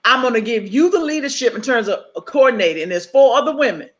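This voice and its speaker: A middle-aged woman speaking as a guest on leadership, emphatic and animated, acting out bits of dialogue as she teaches. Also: fairly high pitch, quick pace, dull audio. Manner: emphatic, acts out quoted dialogue.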